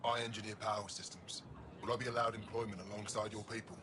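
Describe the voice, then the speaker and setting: A man's voice: lowish voice, fast, natural voice. A man voicing an earnest game engineer. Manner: formal, earnest. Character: earnest male engineer asking for work. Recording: game audio with steady background noise.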